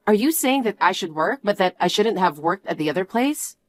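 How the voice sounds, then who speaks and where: An earnest, easily surprised woman telling a story, with a voice that rises and falls in lively arcs. The recording is close and completely dry, with no room sound. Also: medium pitch, a little fast, no echo. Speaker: storyteller and main character. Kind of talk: storytelling with acted dialogue.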